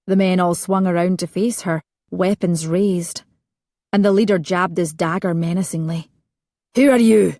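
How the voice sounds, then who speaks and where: A woman narrating a romance audiobook with measured storytelling. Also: on the low side, fairly even intonation, darkish tone, no echo, studio quality.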